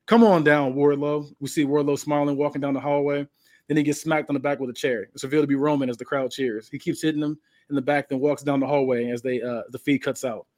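A man's voice: mid-range voice, flat delivery, quick pace, darkish tone. Casual man retelling a wrestling story. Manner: casual, with restarts and fillers.

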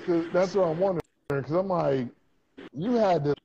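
A man's voice: on the high side, moderate pace, creaky. A man on a podcast interrupting with skeptical questions. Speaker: podcast co-host. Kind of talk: casual chat. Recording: dull, muffled mic with crowd noise.

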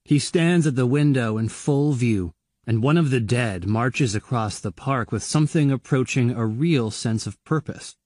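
Male audiobook narrator, grim and measured, dead-dry studio sound. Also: medium pitch, a little mellow, no room sound. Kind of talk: scripted horror narration.

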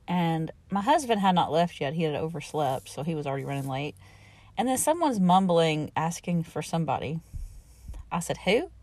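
Chatty woman, slightly low voice. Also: lively intonation, normal speed, darkish tone, dry recording. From Southern United States. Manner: chatty and exasperated, laughs between remarks. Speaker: podcast host. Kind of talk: casual storytelling monologue.

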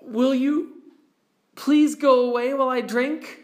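Man doing a scared little girl; high, pleading storybook voice. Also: steady tone, slow. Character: frightened thirsty young schoolgirl.

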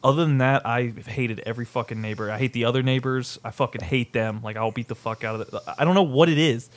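A man co-hosting a podcast, cutting in with blunt, profane remarks in casual chat. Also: medium pitch. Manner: blunt, profane, quick interjections. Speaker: podcast co-host.

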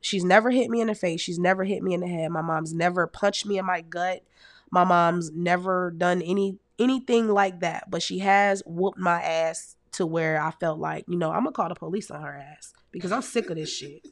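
A woman in her thirties telling comic stories to her audience in a casual, animated, heavily profane way, laughing often as a podcast host. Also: lowish voice, moderate pace, no echo, studio quality. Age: 30s. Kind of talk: casual comedic storytelling.

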